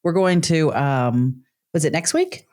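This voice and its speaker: A woman's voice: low-pitched, unhurried, darkish tone. An older woman with grandchildren co-hosting a casual podcast, blunt and teasing. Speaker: podcast co-host.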